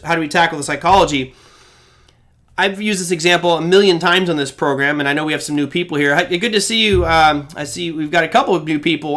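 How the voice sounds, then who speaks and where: A man's voice: on the high side, sharp tone. A man in his forties hosting a live trading show, answering chat questions bluntly and acting out quoted reactions.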